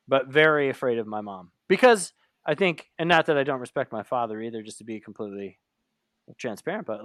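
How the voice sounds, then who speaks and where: In clean studio sound with no echo, a man co-hosting a podcast talks casually in a medium, slightly bright voice. He rambles, laughs a lot, and is self-deprecating.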